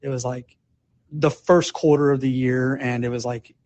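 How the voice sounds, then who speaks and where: Flat-voiced rambling caller. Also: male voice, mid-range voice. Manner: rambling, halting, many fillers. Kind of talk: casual call-in chat. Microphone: live audio app.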